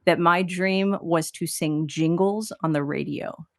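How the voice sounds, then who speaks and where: A woman's voice: fairly low pitch, measured pace, gravelly. A woman from Texas, a singer-songwriter, talking candidly and reflectively as an interview guest, often saying "like.". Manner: reflective and candid, uses "like" often, laughs easily.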